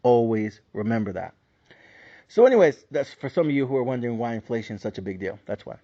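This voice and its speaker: A man's voice: medium pitch, animated, fast, mellow, highs cut off. A man hosting a podcast, delivering a heated, profane solo rant on the economy. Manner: profane, heated rant with mocking put-on voices. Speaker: podcast host. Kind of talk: solo ranting commentary.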